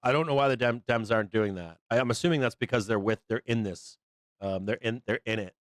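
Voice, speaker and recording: A middle-aged man ranting off the cuff on his live trading stream, swearing freely and breaking into laughs. His voice is smooth and resonant, recorded close and dry with no room sound. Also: lowish voice, quick pace, no echo. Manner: blunt, profane, laughs often. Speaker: live trading show host. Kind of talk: casual livestream chat.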